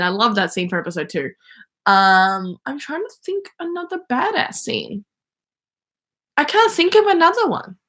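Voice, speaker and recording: A woman's voice: sits high, a bit bright. A young woman hosting a casual fan livestream, gushing and chatty, with many fillers and restarts, on a phone or webcam mic. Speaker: livestream host.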